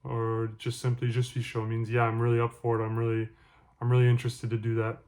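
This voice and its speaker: A man explaining words and phrases in a casual language lesson, slow and patient, giving example after example. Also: medium pitch, monotone, a little mellow. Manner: measured, explains slowly and gives examples. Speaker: language teacher vlogger.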